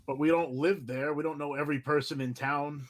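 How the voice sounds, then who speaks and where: A man playing a tabletop game in character, arguing his case in a calm, reasoned way. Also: a little high, fairly quick. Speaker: player.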